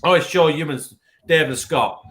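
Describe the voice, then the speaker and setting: A man's voice: on the high side, brisk. A man with a northern English accent, telling stories in a casual live-stream chat and swearing freely. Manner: animated storyteller, swears freely. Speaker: guest beer reviewer.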